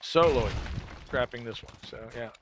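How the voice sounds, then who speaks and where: A man chats casually while he plays a game on stream, wandering from topic to topic and cracking puns. His voice sits at an ordinary middle pitch. A faint hiss of noise runs underneath. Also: moderate pace. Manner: jokey, rambling, laughs at own puns.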